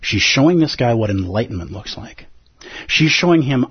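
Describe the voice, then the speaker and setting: Husky man, Buddhist teacher, chatty dharma talk, dull lo-fi sound. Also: medium pitch, sing-song, moderate pace. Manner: conversational, asks the audience rhetorical questions. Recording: dull lo-fi recording.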